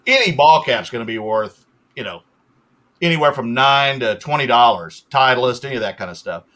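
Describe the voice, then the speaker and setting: Bright-voiced older man chatting. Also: medium pitch, expressive, normal speed. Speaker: guest reseller. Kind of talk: casual livestream chat.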